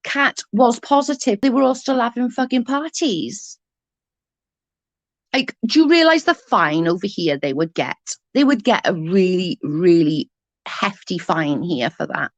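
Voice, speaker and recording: A woman's voice: fairly low pitch, no room sound. A woman in her forties with a Newport Welsh accent, ranting casually in a blunt, sweary and sarcastic way. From Wales. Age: 40s. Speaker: vlogger.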